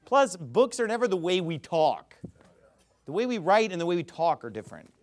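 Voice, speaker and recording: A man's voice: high-pitched, big pitch swings, moderate pace, darkish tone. A man giving a ranting commentary, emphatic and sarcastic, who often stammers and restarts his sentences. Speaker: religious commentator.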